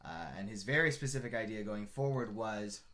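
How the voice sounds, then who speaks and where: A man co-hosting a podcast in casual chat, telling stories in an animated, profane way. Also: on the low side, brisk. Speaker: podcast co-host.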